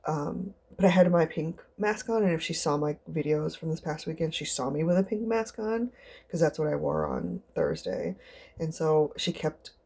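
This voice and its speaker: A young woman telling a rambling, chatty story for her vlog, often jumping into high squeaky voices to act out other people. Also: moderate pace, creaky, warm tone, husky. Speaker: vlogger.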